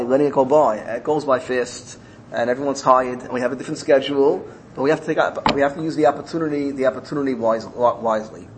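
A man's voice: a little high, poor audio. A man preaches a sermon. He tells a parable, repeats phrases for emphasis and grows more intense at key points. A faint hiss sits under the recording. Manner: storytelling, rising emotionally in places, repeating phrases. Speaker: rabbi.

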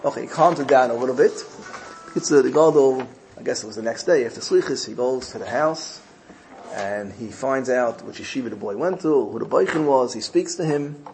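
A man's voice: mid-range voice, fairly quick, darkish tone, soft background music, poor audio. A man teaching a Torah class, explaining Hebrew verses in English and mixing in Yiddish terms as he tells a story.

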